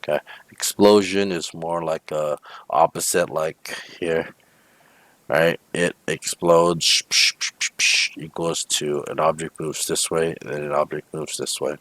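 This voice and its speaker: A male physics teacher with a bass voice goes through homework problems step by step, unhurried and with fairly even intonation. He often checks understanding with "okay?" and "right?" in this walkthrough lesson, recorded without echo.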